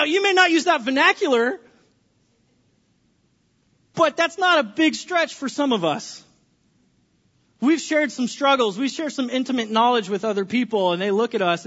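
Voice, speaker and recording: A high-pitched male pastor preaches in a church sanctuary, dropping to soft, earnest tones and then rising into loud, joking bursts. The recording sounds dull and lo-fi. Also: normal speed, long pauses. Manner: dynamic preacher, swings from hushed to loud and playful. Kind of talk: sermon.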